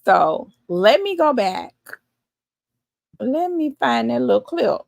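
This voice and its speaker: Slow, gravelly-voiced woman streamer. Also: a little high, big pitch swings, no echo. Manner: chatty, laughs often, thinks aloud. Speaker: live stream host. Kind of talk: casual live stream reaction chat.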